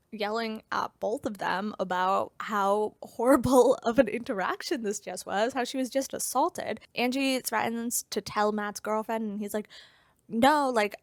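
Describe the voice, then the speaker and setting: A woman's voice: mid-range voice, creaky, dry recording. Young woman, casual book recap, blunt and profane, dry close sound. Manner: blunt, profane, sarcastic asides. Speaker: book reviewer.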